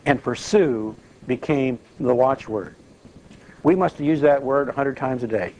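A man's voice: mid-range voice, unhurried, a little mellow, a little hiss or hum, poor audio. An older man preaching a sermon, telling the story in a folksy, emphatic way.

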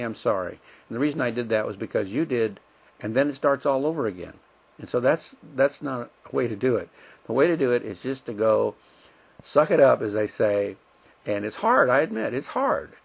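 A man's voice: mid-range voice, vocal fry, breathy edge. A middle-aged man teaching a Bible lesson in a folksy, plain-spoken way, acting out everyday conversations. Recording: dull lo-fi recording.

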